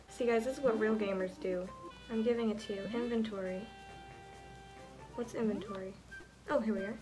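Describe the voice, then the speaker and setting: Twenty-something girl gaming, gasps and swears a lot, kinda high voice, game music going. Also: brisk. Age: 20s. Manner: excitable, gasping and swearing. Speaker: gamer. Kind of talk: let's play commentary.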